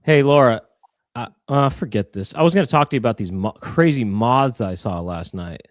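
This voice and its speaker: A man's voice: medium pitch, expressive, normal speed, dry recording, studio quality. A man co-hosting a casual comedy chat show, playful and prone to silly improvised singing. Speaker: podcast co-host.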